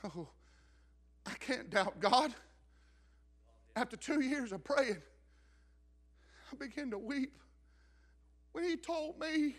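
Middle-aged male pastor, sermon storyteller, very high bright voice, swings from hushed to shouting. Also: lively intonation, slow pace, pauses often. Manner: storytelling preacher, rising to shouts.

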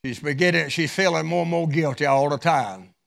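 A male preacher telling a parable as a sermon, his voice swinging from loud to hushed. His tone sits fairly high, with a strong gravelly fry. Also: a little fast. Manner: dramatic, wide swings in loudness. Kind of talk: storytelling sermon.

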